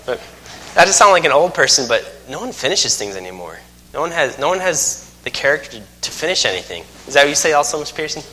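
A man's voice: on the high side, big pitch swings, fast talker, bright, forceful tone, slight background noise. A man in his thirties preaching a sermon, telling folksy stories with self-mocking humor. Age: 30s. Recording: long hall reverb.

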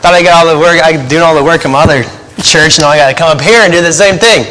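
A somewhat high-voiced male pastor preaches with long reverb ringing around him. He talks quickly by habit, reins himself in, and breaks into laughing asides between points. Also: sharp tone. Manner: fast-talking habit, deliberately slowing down; chatty, laughs at his own stories. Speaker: pastor and missionary. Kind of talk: sermon with joking asides.

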